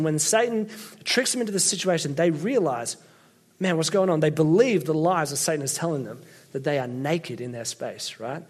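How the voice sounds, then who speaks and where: A young man delivers a sermon in a relaxed, conversational way. His voice sits a little high for a man. He keeps checking in with listeners and slips in light jokes as he goes. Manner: conversational, jokey, often checks in with "right?" and "okay?". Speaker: pastor.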